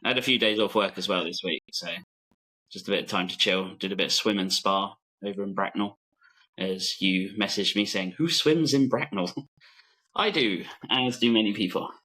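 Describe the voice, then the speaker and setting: Low bright-voiced man, laughing. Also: normal speed, rough recording. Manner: laughs often, relaxed and chatty. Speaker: regular podcast guest. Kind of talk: casual podcast chat.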